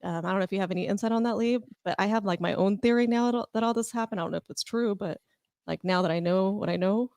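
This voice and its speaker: A woman's voice: medium pitch, fast talker, a little mellow, smooth, no room sound. A woman co-hosting a podcast, telling a personal story in a rambling, filler-heavy way. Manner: rambling, many fillers, laughs as she tells it. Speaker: podcast co-host. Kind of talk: casual storytelling.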